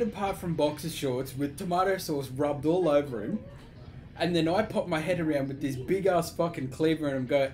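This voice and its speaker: An Australian man co-hosting a casual online chat show, swearing freely and telling animated stories. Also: a little high, normal speed, slight background noise. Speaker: podcast co-host.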